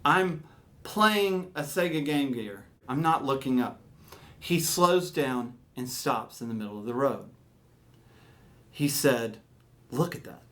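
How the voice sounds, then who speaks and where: A man from Alabama tells a comic story with a bright, forward voice. His pitch leaps up and down as he swings from mumbling to shouting. He takes his time between lines. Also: lively intonation, slow pace. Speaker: podcast host.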